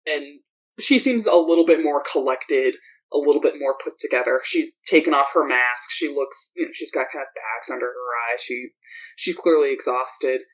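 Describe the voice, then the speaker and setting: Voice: mid-range voice, moderate pace, low-quality recording. A game master narrating a tabletop game in a loose, rambling way full of fillers.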